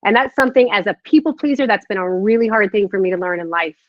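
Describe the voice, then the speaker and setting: A woman in her thirties talking earnestly to followers on a live stream, nervous and halting with restarts. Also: medium pitch, lively intonation, dry recording, highs cut off. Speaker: social media host.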